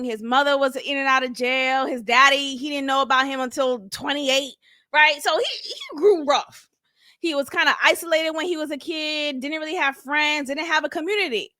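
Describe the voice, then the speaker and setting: A woman hosting a reality TV review channel, chatting casually and animatedly. Her voice is high-pitched and bright. The sound is close and dry, with no room around it. She jokes, laughs and swears freely. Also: normal speed, no echo. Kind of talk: casual commentary.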